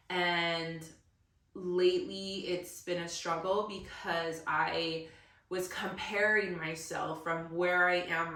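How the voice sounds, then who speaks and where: Woman host, solo podcast, bright voice, slow and earnest, roomy sound, bit distant from the mic. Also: fairly low pitch. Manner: earnest, emotional, motivational. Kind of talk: emotional solo podcast monologue. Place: room recorded alone. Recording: roomy echo, somewhat far from mic.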